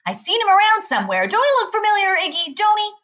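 Lady reading a shrill chain-smoking biker girlfriend, squeaky high and nagging. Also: sing-song, fast talker, pushed and bright, muffled recording, full character voice.

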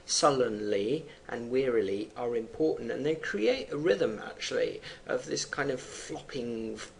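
A man's voice: mid-range voice, lively intonation, a little slow, creaky. A man teaching, explaining a poem line by line and thinking aloud with fillers between readings, over faint background noise.

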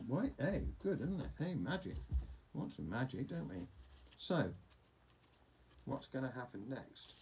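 A man's voice: a little high, a little mellow, slight background noise. A man reading a picture book aloud to a child, with playful, chatty asides.

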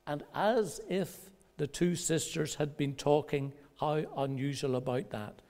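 A male pastor preaching a sermon in a measured way, pausing for effect and rising in pitch when he quotes others. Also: creaky. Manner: measured preaching with dramatic pauses; rises in pitch and loudness when quoting voices. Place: church.

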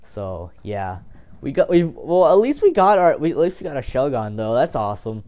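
A young man giving casual, excitable commentary while playing a game, swearing and joking to himself. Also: medium pitch, normal speed, faint music behind. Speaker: gameplay commentator.

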